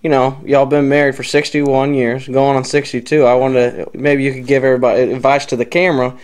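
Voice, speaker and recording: A man's voice: mid-range voice, flat delivery, a little fast, darkish tone. Casual young man asking questions. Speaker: interviewer, grandson.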